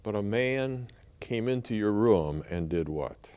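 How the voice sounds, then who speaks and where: Low-voiced man hosting an interview. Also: expressive, unhurried, a little mellow, smooth. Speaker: interview host. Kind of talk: interview questions.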